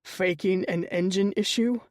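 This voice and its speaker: A woman narrator voicing an intense, protective male shifter who speaks in a low, measured, serious way. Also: dry recording, clean studio sound, natural voice.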